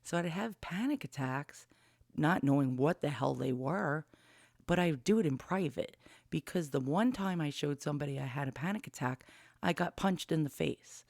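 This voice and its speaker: A woman's voice: low-pitched, animated, moderate pace, creaky, a little mellow, no echo. A woman in her fifties telling a personal story in a candid, rambling way, with blunt swearing, into a studio mic with a pop filter. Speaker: vlogger.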